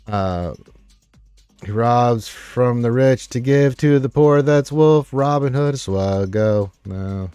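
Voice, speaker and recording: A man's voice: mid-range voice, slow, mellow, smooth, dry recording. Male game stream host, casual chat, rambling and upbeat, dry close sound, faint music behind. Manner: rambling, upbeat, many fillers. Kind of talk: casual live-stream chat reading viewer comments.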